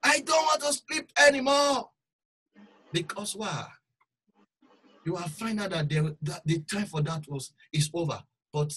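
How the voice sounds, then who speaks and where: A bright, high-voiced man preaching. He moves between loud, urgent exhortation and quiet, low asides. His tone stays sharp and forceful throughout. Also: breathy edge, low-quality recording. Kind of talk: sermon.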